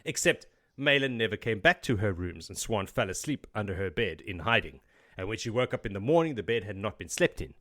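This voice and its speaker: Animated man retelling a story. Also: on the low side, fairly quick. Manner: animated retelling, slipping into character quotes and swearing. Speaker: podcast co-host. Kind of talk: casual book-discussion chat.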